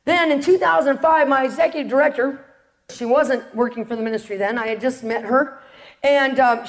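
High-voiced woman preaching a lively testimony. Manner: animated storytelling, rhetorical questions to the audience. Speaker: preacher, prison ministry leader. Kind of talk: testimony sermon.

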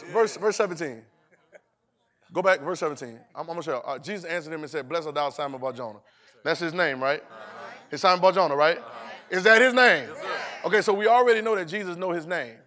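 Male preacher, AAVE, high voice, playful call-and-response, acts out lines. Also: fairly bright tone. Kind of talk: sermon.

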